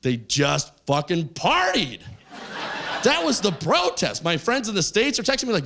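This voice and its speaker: Animated high-voiced stand-up man. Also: moderate pace, slight background noise. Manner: animated storytelling, jumping into voices. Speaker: stand-up comedian. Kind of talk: stand-up comedy performance. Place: stage in front of a live audience.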